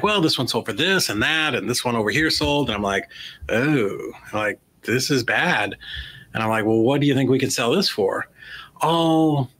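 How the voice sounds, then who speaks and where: Bright-voiced man telling a lively story. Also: medium pitch, slightly rough, low-quality recording. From United States. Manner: animated storyteller acting out quoted dialogue. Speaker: guest, real estate investor. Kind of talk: storytelling interview answer.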